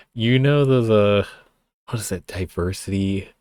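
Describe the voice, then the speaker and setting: A man's voice: fairly low pitch, darkish tone, dry recording. A young man giving casual stream commentary, sarcastic and profane, wandering off into rambling asides. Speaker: streamer reacting to a song.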